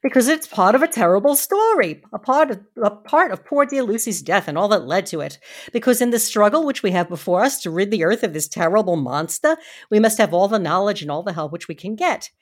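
A woman's voice: mid-range voice, brisk, natural voice. A woman reading the lines of a brave, earnest young Victorian wife in her own voice. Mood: pleading. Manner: earnest reading, lively intonation.

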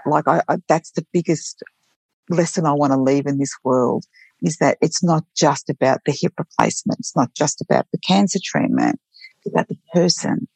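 A woman's voice: low-pitched, sing-song, moderate pace, vocal fry, a little mellow, husky, no room sound. A woman who works as a nurse, telling heartfelt stories from her work in an earnest, reflective way with frequent restarts. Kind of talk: reflective storytelling interview.

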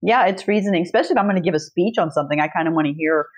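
A woman's voice: on the low side, rapid-fire. A middle-aged woman guest author chatting casually, telling stories with energy and swearing freely. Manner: animated storyteller, swears freely. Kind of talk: casual chat.

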